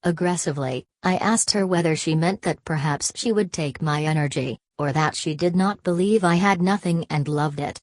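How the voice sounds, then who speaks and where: A woman reading a first-person story aloud in an even, measured way. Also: low-pitched, dry recording. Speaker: audiobook reader. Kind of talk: first-person audiobook narration.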